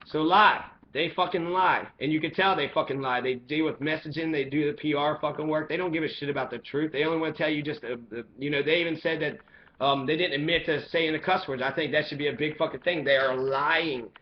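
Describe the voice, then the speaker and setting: A man's voice: fairly high pitch, fairly even intonation, quick pace, highs cut off. A man giving an angry, profane monologue as a commentator, heated and ranting throughout.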